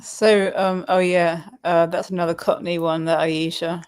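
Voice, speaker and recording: A man's voice: fairly high pitch, flat delivery, measured pace, clean tone, dry recording. A man from Suffolk with a Suffolk English accent, co-hosting a casual livestream chat and patiently explaining things with frequent laughs. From Suffolk, England. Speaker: livestream co-host.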